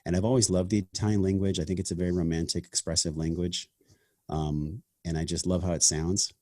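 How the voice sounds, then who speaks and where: A man's voice: low-pitched, flat delivery, fairly quick, warm tone, dry recording, studio quality. A man hosting a podcast, speaking in a reflective, earnest and casual way, often saying "man" and "like". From half Sicilian family heritage. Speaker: podcast host. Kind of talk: casual conversation.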